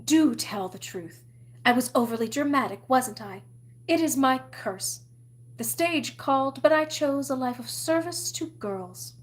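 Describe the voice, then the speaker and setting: A woman's voice: high voice, expressive, a little slow. A woman reading aloud, voicing a pompous, theatrical older headmistress who declaims grandly. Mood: coy.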